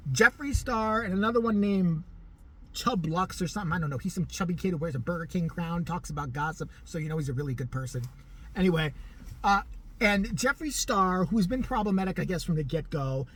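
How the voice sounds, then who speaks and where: A man's voice: high voice, husky. A man hosting a commentary video, sarcastic and blunt, with bursts of profanity. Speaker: commentary host.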